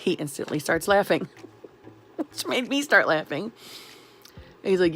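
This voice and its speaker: A woman in her thirties from New York State, telling a sarcastic, animated venting story in a vlog. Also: on the low side, measured pace, pauses often, husky, faint music behind. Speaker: vlogger.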